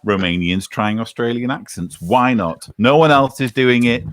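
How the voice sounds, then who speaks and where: A man's voice: mid-range voice, moderate pace. A man from England with a Manchester accent hosting a casual livestream chat with dry, self-mocking humor. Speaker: livestream host.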